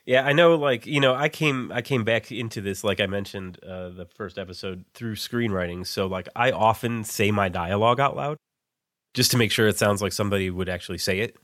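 A man's voice: lowish voice, fairly quick, a bit bright, dry recording, clean studio sound. A man co-hosting a writing podcast, chatting casually with lots of "like" fillers. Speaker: podcast co-host.

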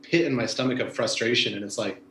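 A man's voice: mid-range voice, fast, fairly bright tone, reverberant, slight background noise, low-quality recording. A man, a former bike messenger, chatting casually and rambling with lots of fillers. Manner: rambling, laid-back, many fillers like "you know". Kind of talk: casual conversation.

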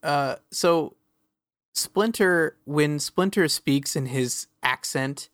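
Brief: podcast co-host, mid pitch, curious, playful riffs, dry mic. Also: takes it slowly, dry recording. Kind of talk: casual chat.

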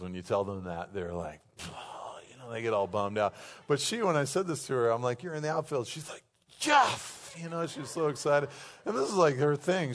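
A man preaching a sermon, moving between emphatic proclamations and relaxed, chatty storytelling. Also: medium pitch. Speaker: pastor; youth softball coach.

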